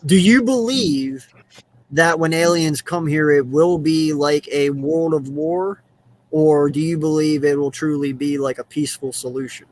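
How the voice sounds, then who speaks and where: A man's voice: on the high side, unhurried, slight background noise, rough recording. A man hosting a casual podcast chat, curiously putting questions to the group. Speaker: podcast host.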